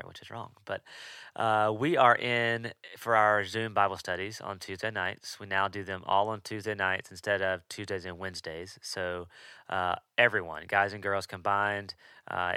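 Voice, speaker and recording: A man's voice: low-pitched, sharp tone, clear, resonant tone, dry recording, clean studio sound. A young man co-hosting a podcast, chatting casually and telling stories with easy laughs. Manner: chatty, laughs easily, storytelling. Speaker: podcast co-host. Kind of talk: casual chat.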